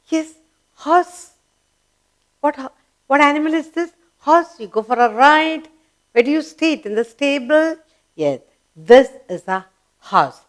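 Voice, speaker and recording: Slow, sing-song Indian English teacher woman. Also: fairly high pitch. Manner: slow, sing-song and coaxing, asks questions and answers them herself; spells words letter by letter. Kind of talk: kids' lesson narration.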